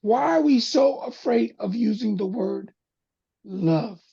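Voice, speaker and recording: Hosting a panel, a man with a gravelly, husky, dark and mellow voice gives an impassioned talk-show monologue in a slow, preacher-like cadence with lively intonation. He sinks his voice low and soft to drive points home, and the audio is slightly dull and lo-fi.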